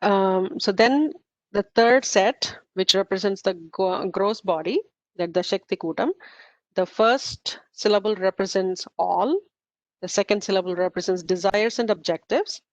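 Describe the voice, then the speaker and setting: A woman's voice: medium pitch, dry recording. A woman teaching a study group in an informal lecture, explaining step by step with frequent fillers and self-corrections. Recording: slightly muffled, dull recording.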